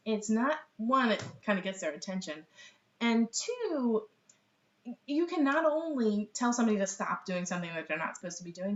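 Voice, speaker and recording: A middle-aged woman teaching baby sign language in a casual, chatty live lesson, laughing often and full of ums. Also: mid-range voice. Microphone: webcam. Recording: roomy, distant, dull webcam audio.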